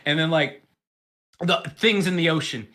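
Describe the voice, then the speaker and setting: A young man talking in a bright, slightly high voice, rambling through ideas with heavy swearing. He slips into quick acted-out quotes as he riffs in casual podcast chat. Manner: rambling, profane, animated storytelling with put-on quotes. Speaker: podcast co-host.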